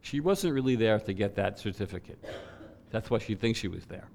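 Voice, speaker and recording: A man preaching to a church, telling a personal story in an animated way and voicing the people in it. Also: on the low side, moderate pace, creaky. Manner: animated storytelling with quoted voices.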